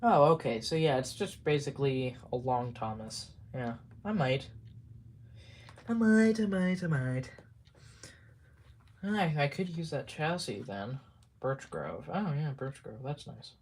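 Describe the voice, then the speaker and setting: A man chatting casually on a live stream, rambling and halting, muttering to himself and trailing off between thoughts. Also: medium pitch, lively intonation, a little hiss or hum. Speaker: livestreamer.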